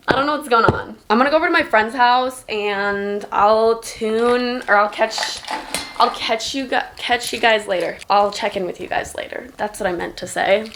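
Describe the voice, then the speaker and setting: A woman's voice: fairly high pitch, fairly bright tone, slight background noise. A woman in her twenties chatting casually to camera in her bedroom while doing skincare and makeup. She fills her talk with lots of "like". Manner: chatty, filler-heavy, lots of "like". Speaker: vlogger. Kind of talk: casual vlog chat. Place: bedroom at home, indoors.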